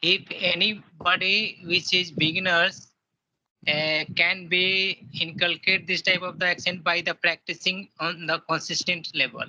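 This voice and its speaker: A man asking questions politely and haltingly, with many restarts, as an interviewer. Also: high-pitched, flat delivery, sharp tone. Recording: dull lo-fi audio.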